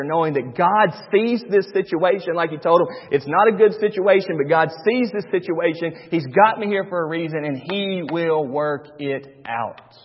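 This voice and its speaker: A man, a pastor preaching a sermon, swinging between loud and hushed. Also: fairly high pitch, slightly rough. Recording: dull recording with long church reverb.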